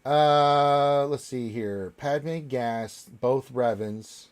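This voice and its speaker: A man hosting a casual live Q&A panel, reading out viewer questions and answering in a relaxed, rambling way with plenty of fillers. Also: mid-range voice, extremely slow, clean tone.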